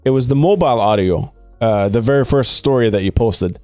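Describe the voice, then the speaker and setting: A man's voice: medium pitch, brisk, dark tone, no room sound, faint music behind. Enthusiastic swearing male podcast host. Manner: enthusiastic, swears freely, many fillers. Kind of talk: casual podcast interview.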